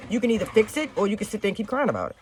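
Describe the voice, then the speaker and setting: Brief: young woman, rapid-fire blunt talk show monologue, cussing and preaching to the camera. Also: mid-range voice, big pitch swings, a little mellow, a little hiss or hum. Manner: blunt, heavy cursing, preachy. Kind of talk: casual monologue to viewers. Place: home with children nearby.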